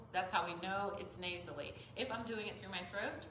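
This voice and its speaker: A woman's voice: medium pitch, normal speed, hardly any pauses, fairly bright tone, roomy sound, a little hiss or hum, low-quality recording. A woman yoga teacher explaining chanting step by step in a patient manner. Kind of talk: instructional talk with chanting demonstration.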